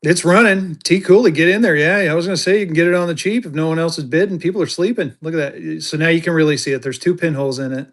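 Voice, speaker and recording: A man's voice: a little high, quick pace, few pauses, fairly bright tone. A man selling banknotes on a live stream, chatting casually with fillers and thanking his buyers. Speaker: livestream seller. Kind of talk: casual live auction chat.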